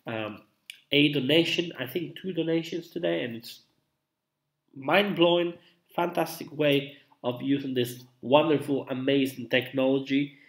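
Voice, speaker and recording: A man's voice: mid-range voice, unhurried. A young man, feeling unwell, chatting loosely to viewers on a live stream, rambling with many fillers and restarts. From Italy. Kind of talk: casual live-stream chat.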